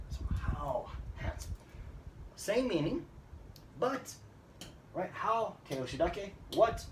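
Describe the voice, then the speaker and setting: A man teaching an English grammar lesson, switching into Japanese to explain and often checking with "right?". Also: high-pitched. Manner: lively, repeats phrases and asks "right?" often. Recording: echoey room, mic at a distance, faint noise.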